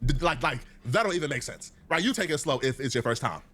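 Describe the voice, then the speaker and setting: A man with a high voice narrates a commentary video in a mocking, theatrical tone. His pitch swings up and down with a lot of life. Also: expressive, fast talker, fairly bright tone. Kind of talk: scripted commentary.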